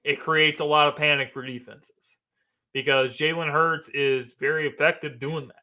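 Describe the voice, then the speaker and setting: A man hosting his own sports talk show, giving animated, emphatic fan commentary and repeating phrases for stress. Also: a little high, normal speed. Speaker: sports podcast host. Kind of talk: casual opinion commentary.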